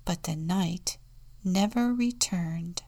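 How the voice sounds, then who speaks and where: A woman deacon reading a children's storybook aloud in a slow, soft, often hushed manner. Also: on the low side, gravelly.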